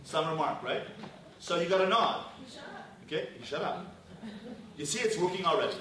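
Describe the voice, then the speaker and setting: In an interactive marriage class, a rabbi speaks at a moderate pace in a slightly high voice with lively intonation, prompting and questioning the crowd. The packed synagogue hall sounds echoey from a distance, and audience noise comes through.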